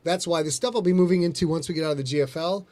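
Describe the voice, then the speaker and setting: A man's voice: a little high, racing, a little mellow. A man hosting a casual livestream chat, rambling and joking, a bit giddy and loopy. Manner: rambling, jokey, breaks into silly put-on voices. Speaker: host.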